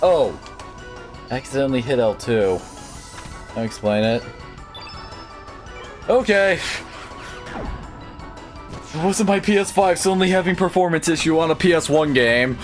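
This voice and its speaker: A man's voice: fairly high pitch, animated, a little slow, pauses often, faint music behind. A man giving offhand, joking commentary while streaming a game. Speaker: gaming streamer. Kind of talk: casual let's-play commentary.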